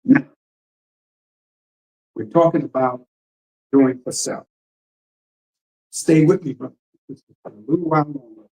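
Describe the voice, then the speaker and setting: A man's voice: fairly high pitch, a little slow, long pauses, darkish tone, rough recording. A man minister preaching emphatically and firing rhetorical questions, reading passages aloud and explaining them. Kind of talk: radio teaching sermon.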